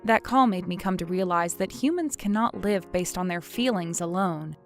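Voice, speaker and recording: A woman's voice: lowish voice, expressive, normal speed, soft background music. A woman narrating her own story and voicing her outraged character in a dramatized telling. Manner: indignant, outraged outbursts.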